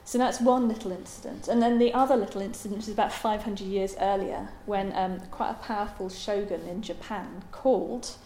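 A woman giving a Buddhist dharma talk in a halting, thoughtful way, with many pauses and ums. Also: mid-range voice, fairly even intonation, dark tone, a little hiss or hum. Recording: roomy echo.

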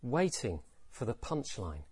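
A man's voice: medium pitch, very animated, unhurried, a little mellow, slightly rough, dry recording. A man giving a reflective dharma talk as teacher, repeating phrases and asking rhetorical questions.

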